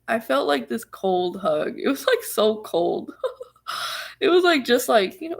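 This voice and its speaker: Chatty young woman with a gravelly voice. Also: on the high side, lively intonation, moderate pace. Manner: chatty, full of "like" and restarts, laughs often. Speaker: vlogger. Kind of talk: casual storytelling to viewers.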